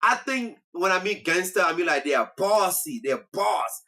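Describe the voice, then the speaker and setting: A man's voice: high voice, moderate pace. A man, hosting a casual comic talk show monologue and teasing as he goes. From Liberia. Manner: animated, teasing, laughs at own jokes. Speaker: comedy talk show host.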